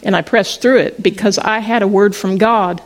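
On a rough recording, a middle-aged woman pastor delivers a sermon at normal speed in a steady, medium-pitched voice. Her style is chatty storytelling, with frequent restarts mid-sentence.

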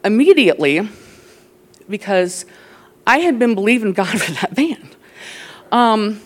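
A middle-aged woman telling a family story as a casual testimony, lively and laughing, growing loud when she quotes herself. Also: medium pitch, measured pace.

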